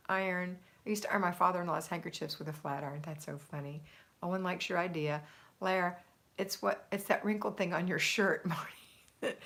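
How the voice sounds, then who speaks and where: A woman's voice: fairly low pitch, a bit bright. A middle-aged woman with a Southern US accent, hosting a casual live stream, chatty and easily sidetracked, laughing often as she reads out viewer comments. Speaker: homemaking livestream host.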